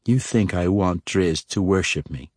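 A man's voice: sits low, unhurried, a little mellow, no room sound, studio quality. A man voicing a poised young drow woman. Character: cool, composed young female drow.

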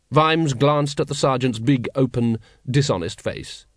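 A man narrating an audiobook in a measured, wry storytelling manner. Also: medium pitch, lively intonation, no echo, studio quality. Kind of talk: scripted narration.

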